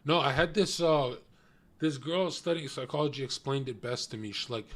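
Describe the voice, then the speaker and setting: A man's voice: medium pitch, moderate pace, fairly bright tone, a little hiss or hum. A man with a lisp, a streamer talking in a blunt, profane and rambling way as casual reaction commentary.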